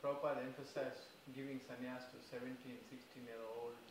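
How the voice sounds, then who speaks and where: A man from the audience putting a hesitant, halting question to the speaker in a temple hall. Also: mid-range voice. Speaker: audience member asking a question. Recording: echoey hall with steady background noise.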